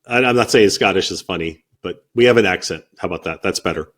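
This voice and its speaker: Low-voiced American podcast host. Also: male voice, fast, a bit bright. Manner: friendly, agreeable, repeats phrases. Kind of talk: casual interview chat.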